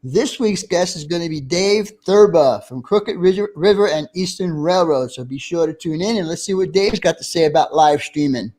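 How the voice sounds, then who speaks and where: A man's voice: fairly high pitch, moderate pace, few pauses, a little mellow. A polite man plugging his own live stream during a casual chat. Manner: polite, laughs a lot.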